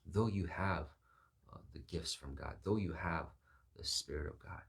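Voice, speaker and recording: Low gravelly-voiced man preaching. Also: normal speed. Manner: musing, acts out quoted voices. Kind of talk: reflective sermon-style talk.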